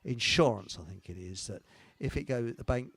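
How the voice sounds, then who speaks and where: A man's voice: medium pitch, moderate pace, a bit bright, husky, no echo. An older man hosts a live online talk show, rambling casually in a salty, chuckling way. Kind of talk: casual live-stream chat and joke telling.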